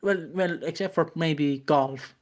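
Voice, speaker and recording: A man's voice: fairly high pitch, takes it slowly. A young man co-hosting a podcast, telling rambling, sweary anecdotes with lots of restarts. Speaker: podcast co-host. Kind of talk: casual chat.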